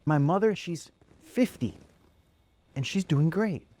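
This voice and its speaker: A man voicing a sweet, cocky six-year-old mafioso boy in a high little voice while telling a joke. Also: expressive, takes it slowly, mellow. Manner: polite, then suddenly profane.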